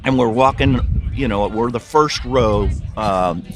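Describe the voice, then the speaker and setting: A man's voice: mid-range voice, takes it slowly. A man appearing as a guest on a live podcast in a sports bar, telling a story casually and expressively.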